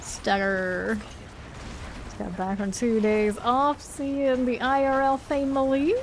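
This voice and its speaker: A woman's voice: fairly high pitch, little pitch movement, slow, a little hiss or hum. A woman casually commenting while streaming a video game, chatting with viewers and laughing often. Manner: chatty, reads chat aloud, laughs often.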